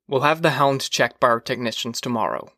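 A man doing a dismissive, gruff fire captain. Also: mid-range voice, a little fast, sharp tone, no echo, studio quality. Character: gruff, confident middle-aged male fire captain. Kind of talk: audiobook reading.

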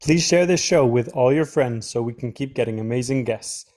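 A father reads a children's storybook aloud to his son, gently stopping to explain words. His voice sits at an ordinary middle pitch. The sound is dry and close, with no room echo. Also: normal speed. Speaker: father reading to his child, podcast host.

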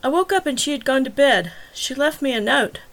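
A woman's voice: sits high, lively intonation, a little fast, voice pushed up, poor audio. A woman reading the lines of a confused young man under suspicion, earnest and insisting he is innocent. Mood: flustered. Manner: flustered, insistent, pleading innocence.

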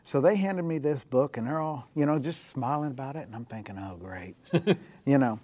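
A man's voice: a little high, fairly quick, mellow. A man, a guest on a Christian talk show, telling a personal story in a casual, anecdotal way with the occasional chuckle. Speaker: guest telling faith stories.

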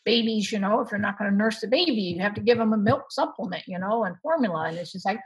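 Woman guest expert, mid-pitched, emphatic explainer with lively stresses. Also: quick pace, slightly rough, muffled recording. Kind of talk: explanatory conversation.

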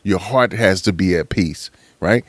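Man, low voice, casual slangy motivational monologue, dry close sound. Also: unhurried, no echo. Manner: preachy, repetitive, slangy, calls listener man. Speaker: motivational speaker.

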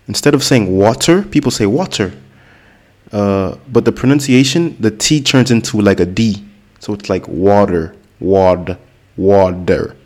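A man from Florida with an American accent, chatting casually as a host and slowly explaining English words to learners. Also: fairly low pitch, darkish tone. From Florida, United States. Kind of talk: casual language-learning monologue.

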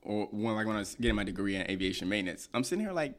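A young man co-hosting a casual chat, teasing and joking in lively banter. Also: lowish voice, very fast.

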